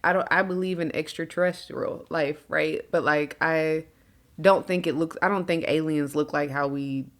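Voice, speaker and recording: A woman's voice: sits low, steady tone, normal speed. A woman co-hosting a podcast, speaking earnestly and carefully explaining and qualifying her points in casual chat. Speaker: podcast co-host.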